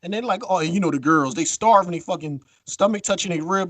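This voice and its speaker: A man co-hosting a podcast in casual chat, telling a story with lively acted-out quotes and free swearing. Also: fairly high pitch, brisk, dry recording. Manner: animated storytelling, acts out quotes, swears freely. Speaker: podcast co-host.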